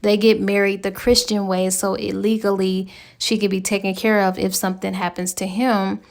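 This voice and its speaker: A woman's voice: medium pitch, level tone, normal speed. A woman giving a chatty, slangy spoken recap of a novel's plot as a book reviewer.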